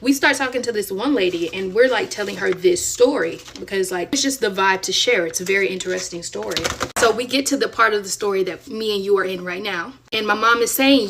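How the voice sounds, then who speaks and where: Young woman from Florida, casual storyteller, set back from the mic with steady noise behind. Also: medium pitch, fairly quick. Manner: animated, chatty, dramatic asides. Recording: distant mic with audible noise.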